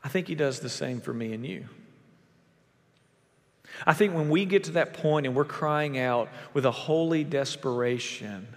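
Preaching man in an echoing hall. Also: moderate pace. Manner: emphatic preaching with big swings in pitch and volume. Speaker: pastor. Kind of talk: sermon.

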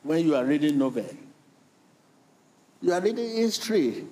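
In a sing-song manner, a middle-aged male pastor delivers his sermon slowly and deliberately, repeating lines rhythmically and calling on the congregation to respond. His voice is a little high with a darkish tone.

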